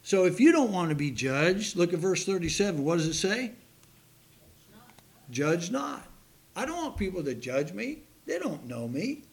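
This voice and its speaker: A man's voice: sits high, sing-song, a little fast, few pauses. A man in his sixties, a pastor, preaching a sermon with folksy, self-deprecating stories and laughing at his own tales.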